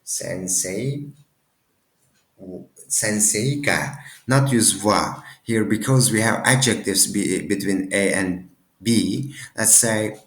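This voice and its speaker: Deep gravelly guy teaching a language class, slow and echoey. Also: fairly bright tone. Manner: halting, many restarts and self-corrections. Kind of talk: casual language lesson.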